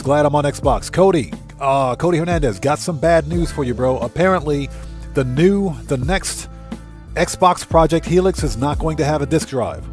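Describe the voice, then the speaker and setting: A male livestream host with a voice pitched somewhat high, talking in a fired-up, indignant rant. Faint music plays under him. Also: darkish tone. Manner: fired-up and indignant, greeting chatters by name. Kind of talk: ranting livestream chat.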